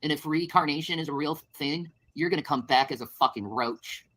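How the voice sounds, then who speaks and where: Woman livestreamer, deep-pitched, bitter and accusatory rant. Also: brisk, a bit bright.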